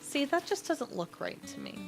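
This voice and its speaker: A woman's voice: high-pitched, very animated, normal speed, creaky, music in the background. A woman streaming a game, chatting casually with her viewers in a rambling, self-deprecating way. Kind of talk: casual livestream chat while playing.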